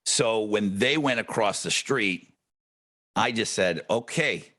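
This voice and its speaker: A man's voice: on the low side, slow. A man co-hosting a podcast in casual chat, telling stories with plenty of swearing. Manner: animated storyteller, swears freely. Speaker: podcast co-host; radio host.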